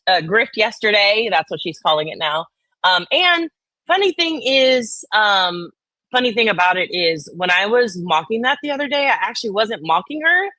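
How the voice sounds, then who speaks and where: A woman's voice: medium pitch, bright, forceful tone, dry recording, rough recording. A woman hosting a casual livestream, rambling, teasing and swearing freely. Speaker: livestream host.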